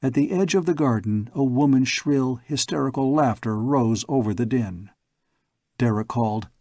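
A man narrating a pulp science fiction story aloud in a slow, measured storybook reading. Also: medium pitch, a little mellow, no room sound, studio quality. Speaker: audiobook narrator.

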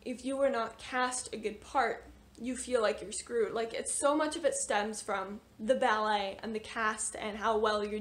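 A young woman with a slightly high voice chats through a book review. She gushes freely, piling on fillers and little exclamations as she talks. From United States. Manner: chatty and gushing, with frequent fillers and exclamations. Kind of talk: casual book review vlog.

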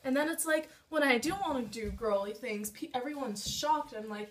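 A woman's voice: high-pitched, normal speed, few pauses. A young woman vlogging at home, chatting in a rambling, self-deprecating way while she does her makeup. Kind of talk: casual makeup vlog.

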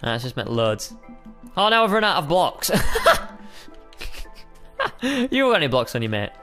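Young man, casual gaming chat, lively pitch, playful, faint music behind. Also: a little fast. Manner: chatty, playful, keeps calling his partner mate. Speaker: gaming co-host. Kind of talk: casual Minecraft let's play chat.

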